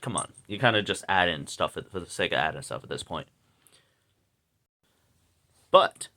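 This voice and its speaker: A man with a hoarse, slightly sick voice, rambling through a casual video review with lots of fillers and slang. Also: fairly low pitch, sharp tone. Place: indoors at home.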